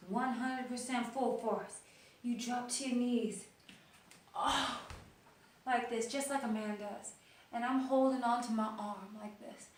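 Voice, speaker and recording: A woman's voice: a little high, measured pace. Woman telling her story in a roomy kitchen. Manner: animated storytelling, dropping to quiet whispers. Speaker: vlogger sharing her illness story. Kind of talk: personal video diary. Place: kitchen of an old house. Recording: roomy, distant mic with faint noise.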